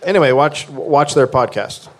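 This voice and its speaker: A man's voice: mid-range voice, moderate pace, some chatter behind. A man hosting a live comedy history podcast, reading a story aloud to his co-host and cracking jokes on stage. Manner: joking, animated storyteller. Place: live theater stage before an audience.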